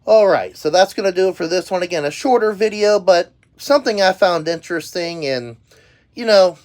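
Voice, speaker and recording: A man's voice: high voice, normal speed, darkish tone. Rambling man reviewing shirts, many ums. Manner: rambling, filler-heavy with frequent um and uh. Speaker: YouTube host reviewing merchandise. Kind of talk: casual product review.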